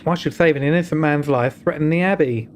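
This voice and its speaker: An earnest young male investigator in a video game asks plain, direct questions in a British accent, read by the streamer in his own voice. The voice sits slightly high for a man. A faint hiss runs under the recording. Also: fast, natural voice.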